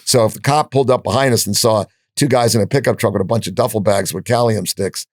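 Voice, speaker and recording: Brief: older man, low-pitched, blunt profane storyteller who voices the dialogue he quotes, dry close sound. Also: fast, a little mellow, no room sound. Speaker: podcast guest. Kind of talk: storytelling in an interview.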